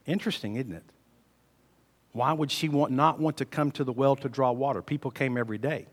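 Male preacher, storytelling sermon, mid pitch, swings loud and hushed, big reverb. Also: fairly quick. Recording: long reverb of a large hall.

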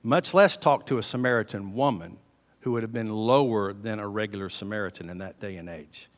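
A man preaching a sermon, telling the story with animated swings between loud emphasis and hushed delivery. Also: on the low side, fairly quick. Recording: long reverb of a large hall.

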